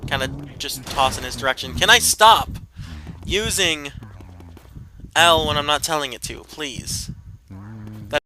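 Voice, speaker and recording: A man's voice: on the high side, measured pace, pauses often, slight background noise, rough recording. A young man casually commentating his gameplay for viewers, rambling and self-deprecating. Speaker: gameplay streamer. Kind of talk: casual let's-play commentary. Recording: game music loud behind voice. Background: game music.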